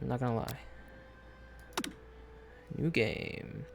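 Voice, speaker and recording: A man's voice: mid-range voice, unhurried, a little hiss or hum. A man streaming a video game live, chatting casually in a rambling, hesitant way with lots of fillers and restarts.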